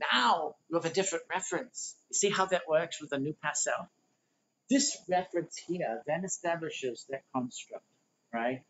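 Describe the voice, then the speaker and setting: A man's voice: on the high side, a bit bright, slightly rough. A man teaching a livestreamed spiritual workshop, rambling and conversational while he explains diagrams. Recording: dull lo-fi livestream audio.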